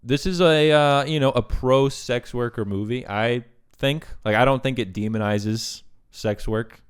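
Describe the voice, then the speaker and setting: A man's voice: mid-range voice, measured pace, clean tone, no echo, studio quality. A man co-hosting a casual film review podcast, laid-back and swearing freely, with plenty of fillers. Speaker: podcast co-host.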